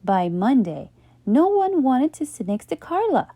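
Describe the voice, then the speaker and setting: Slow, sing-song woman storyteller. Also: high voice, very animated, dark tone, no room sound. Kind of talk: bedtime story read-aloud.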